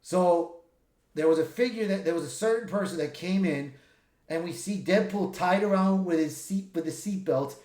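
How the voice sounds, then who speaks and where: Excitable man with a rambling retelling. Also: sits high, normal speed. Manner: rambling, excitable retelling with many restarts and swearing. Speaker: movie reviewer. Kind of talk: casual spoiler review retelling a film. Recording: echoey room.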